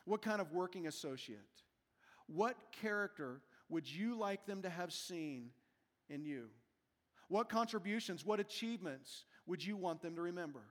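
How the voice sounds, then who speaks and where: Male pastor, high voice, earnest sermon, reverberant church hall. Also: animated, moderate pace. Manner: earnest, emphatic preaching with rhetorical questions. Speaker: senior pastor.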